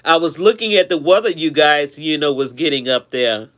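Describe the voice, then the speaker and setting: A man with a fairly high, smooth and clear voice hosts a relaxed live stream. He chats warmly with his viewers and tends to repeat himself as he goes. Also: normal speed. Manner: chatty, affectionate, repeats himself.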